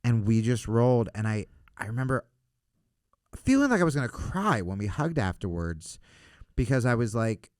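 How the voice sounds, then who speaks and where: In a podcast studio, a comedian appears as a guest and spins stories in relaxed conversation, swearing often and laughing his way through them. His voice is mid-range at a moderate pace, recorded in studio quality with no echo, and he comes across as a lively, foul-mouthed storyteller.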